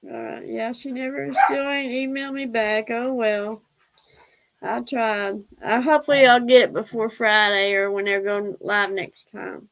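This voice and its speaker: A woman's voice: a little high, fairly even intonation, a little slow, creaky, rough recording. A woman hosting a casual livestream, chatty, laughing often and fondly scolding her pets. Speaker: livestream host.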